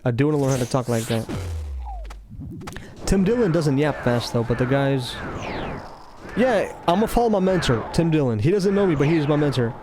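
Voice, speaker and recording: A man giving casual, rambling commentary over gameplay, talking slowly with a laid-back, self-interrupting, somewhat mumbled delivery. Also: a little high, expressive, noisy background. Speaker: gaming commentator.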